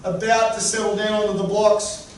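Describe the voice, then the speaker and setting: Animated man giving a coaching workshop. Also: high voice, moderate pace. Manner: animated, joking, punchy. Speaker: sports coaching presenter. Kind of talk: workshop talk. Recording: echoey room, far from mic, noisy.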